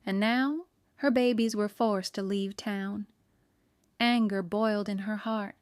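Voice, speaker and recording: A woman narrating an audiobook with an even storytelling delivery. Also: medium pitch, slow, clear, resonant tone, no echo, clean studio sound. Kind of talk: scripted narration.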